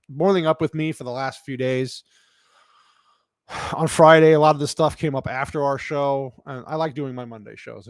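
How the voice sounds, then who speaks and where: A man's voice: medium pitch, no room sound, clean studio sound. A man hosting a casual live show, ranting bluntly and crankily with plenty of swearing while he answers his chat. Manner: cranky, blunt, profane rant. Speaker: streamer reading live chat.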